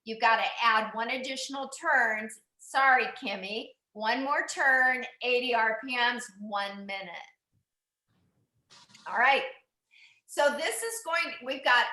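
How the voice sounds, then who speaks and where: A woman's voice: on the high side, pushed and bright. A woman coaching an indoor cycling class, upbeat and encouraging, calling out numbers and cheering riders on. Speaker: cycling instructor. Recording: echoey room.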